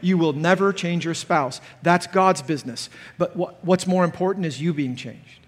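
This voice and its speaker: A pastor preaching at a conference, animated, acting out the people he quotes in a raised voice. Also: a little high, normal speed. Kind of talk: conference sermon. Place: conference hall. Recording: large hall with long reverb.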